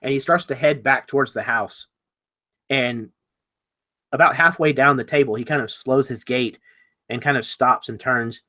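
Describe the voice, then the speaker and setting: A man's voice: medium pitch, moderate pace, long pauses, sharp tone. A man narrating a tabletop game as game master, describing actions with many hedges. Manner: descriptive, hedging.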